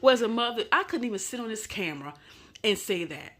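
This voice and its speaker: A woman's voice: on the high side, expressive, fast, a bit bright. A woman hosting a reaction commentary, bluntly scolding and giving emphatic advice. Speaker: host.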